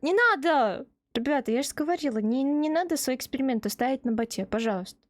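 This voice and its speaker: Excitable high-voiced woman streamer. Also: fairly quick, no echo. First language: Russian. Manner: excitable, swears, shouts playfully at chat. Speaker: VTuber streamer. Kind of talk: casual live-stream chat.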